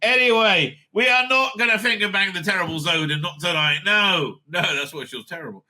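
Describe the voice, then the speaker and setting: A man's voice: high-pitched, fairly quick, sharp tone. A man hosting his own online show, rambling in a loose, profane, laughing commentary style. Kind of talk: casual ranting commentary.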